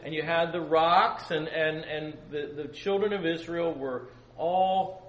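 A man with a slightly raised voice preaches and tells a story, lively and dramatic. He sits back from the microphone in a roomy, echoing space with faint ambient noise behind him. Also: on the high side, far from the mic, muffled recording. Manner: animated, acts out voices in his stories. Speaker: pastor leading a Bible study. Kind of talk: storytelling sermon.

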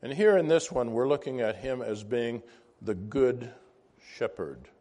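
A man's voice: medium pitch, measured pace, dark tone. A man teaching an informal Bible class, conversational and wandering into asides, asking the class questions.

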